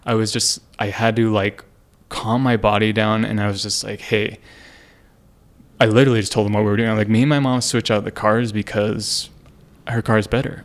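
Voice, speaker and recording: A man's voice: fairly low pitch, vocal fry. A young man sharing a personal story on a casual podcast, earnest and rambling with many fillers and restarts. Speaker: podcast co-host.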